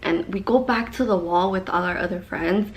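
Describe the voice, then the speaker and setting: A young woman vlogger telling a story in a casual, animated way, swearing a lot and rambling into asides. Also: on the low side, moderate pace.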